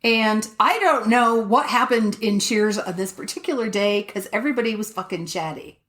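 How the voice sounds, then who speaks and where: A woman's voice: medium pitch, normal speed, a bit bright. A woman co-hosting a podcast, telling a story in casual chat, swearing freely and laughing often. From Colorado, USA. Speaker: podcast co-host.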